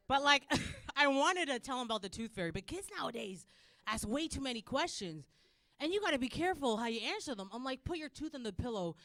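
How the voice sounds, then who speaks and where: A woman from Canada performs stand-up, with a high, bright voice that swings all over its range. She acts out every character in her stories in loud, squeaky voices. The sound is close and dry, with no room echo. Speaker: stand-up comedian. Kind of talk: stand-up comedy set. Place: comedy club stage.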